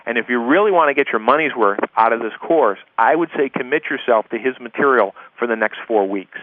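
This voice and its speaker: A man's voice: mid-range voice, a little fast. A man giving a chatty recorded lesson on sales prospecting, repeating key points and checking in with his listeners. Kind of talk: conversational recorded course lesson. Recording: tinny phone-line audio, dry.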